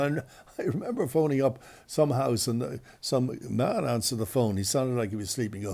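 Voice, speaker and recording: A man's voice: medium pitch, expressive, a little fast, vocal fry, a little mellow. A male radio host telling embarrassing stories in a chatty, self-deprecating, rambling way. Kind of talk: anecdotal storytelling.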